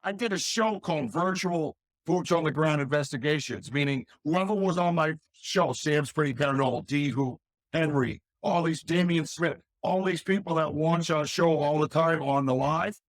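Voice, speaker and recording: A man who hosts a paranormal podcast, appearing as a guest and talking energetically and excitedly in a casual interview. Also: a little high, moderate pace, no room sound.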